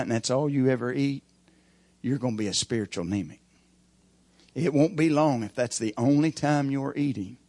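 A middle-aged preacher giving a sermon with folksy, emphatic storytelling. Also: male voice, mid-range voice, darkish tone, no echo.

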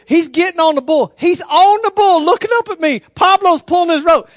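A man preaching a sermon, telling animated stories and calling out directly to the congregation. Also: very high-pitched, normal speed, hardly any pauses, no room sound, clean studio sound. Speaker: pastor.

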